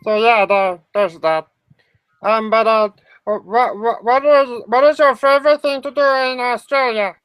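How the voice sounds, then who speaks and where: A woman's voice: on the high side, unhurried, fairly bright tone, clear, resonant tone, no room sound. A woman hosting a playful comedic online talk show in a silly, rambling way. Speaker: host.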